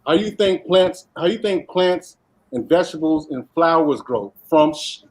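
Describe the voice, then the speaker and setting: A man's voice: fairly high pitch, animated, moderate pace, darkish tone, low-quality recording. A man on a discussion panel who talks bluntly and emphatically, speeding up as he makes his point.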